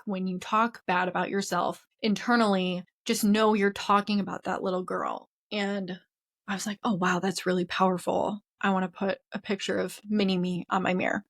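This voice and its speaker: Woman doing a chill chakra lesson on her podcast, earnest, chatty, lots of "like", mid pitch. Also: steady tone, normal speed. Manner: earnest, open, conversational with frequent "like" fillers. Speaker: podcast host. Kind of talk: casual spiritual wellness lesson with personal stories.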